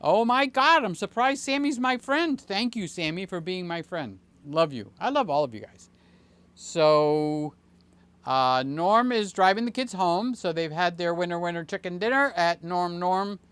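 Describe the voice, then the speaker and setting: A man in his late sixties hosting a casual livestream, chatting in a rambling, jokey way with many fillers and sudden excited jumps. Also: sits high, measured pace, clear, resonant tone, no echo. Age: 60s. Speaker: channel host.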